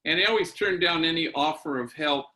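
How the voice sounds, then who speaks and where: Bright-voiced priest telling a story. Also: male voice, on the high side. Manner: unhurried storytelling with fillers, mixing in Spanish slang. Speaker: priest giving a keynote talk. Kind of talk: storytelling keynote talk.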